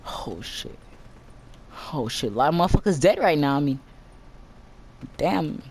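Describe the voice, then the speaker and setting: A young man hosting a gaming channel, giving excitable live commentary while he plays, cursing constantly and jumping from shouts to muttering. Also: on the high side, moderate pace, a little hiss or hum.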